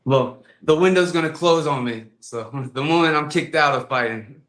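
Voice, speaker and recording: A man, a fighter and guest, telling comic stories in a lively way and acting out voices. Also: fairly high pitch, moderate pace, roomy sound. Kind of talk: animated storytelling on a podcast.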